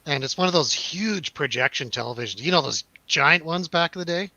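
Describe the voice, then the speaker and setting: Young male co-host, animated storyteller, bright tone, dry close mic. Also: a little high, a little fast, dry recording, dull audio. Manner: animated storyteller, swearing, acts out quotes. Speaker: podcast co-host. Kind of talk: casual chat.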